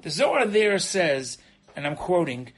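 Brief: middle-aged male rabbi, slightly high voice, animated informal Torah class, "right?" tags. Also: unhurried, poor audio. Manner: animated, frequently asks "right?"; repeats words when starting sentences.

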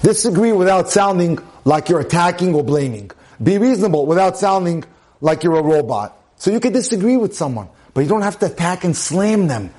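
A man's voice: sits high, lively intonation, a little fast, a little mellow. A man giving a sermon-style talk on marriage, emphatic and full of rhetorical questions. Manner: emphatic, repeats phrases, asks rhetorical questions.

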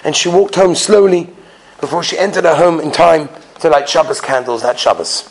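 A man's voice: fairly high pitch, moderate pace. A man who is a rabbi, telling stories in a sermon. He acts out the people in his stories and repeats phrases for emphasis. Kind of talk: storytelling sermon.

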